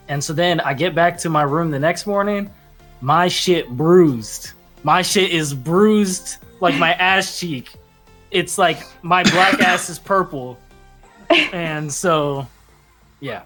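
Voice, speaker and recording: A man's voice: fairly high pitch, takes it slowly, fairly bright tone, soft background music. A young man telling a rambling story in casual chat, acting out quotes with laughs. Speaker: podcast guest or co-host.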